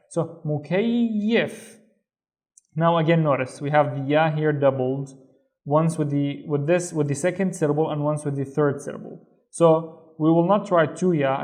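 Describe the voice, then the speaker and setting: A man's voice: on the high side, darkish tone. A man with a Saudi Arabic accent teaching a beginner lesson, explaining step by step and often checking in with "right?". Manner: patient, stepwise, checks in with "right?".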